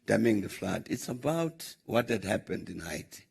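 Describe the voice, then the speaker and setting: An older South African man telling a long anecdote at a question-and-answer session, measured and pausing often with "uh" as he recounts conversations. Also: fairly low pitch, sing-song, darkish tone. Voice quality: gravelly, husky. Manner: measured, recounting dialogue with frequent "uh" pauses. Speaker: former head of state answering questions. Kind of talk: anecdotal storytelling in a Q&A.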